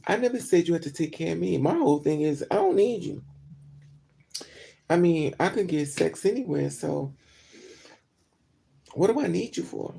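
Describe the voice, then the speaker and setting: A woman vlogger casually telling a story to her viewers, blunt and profane, with animated delivery. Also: lowish voice, normal speed, creaky, long pauses.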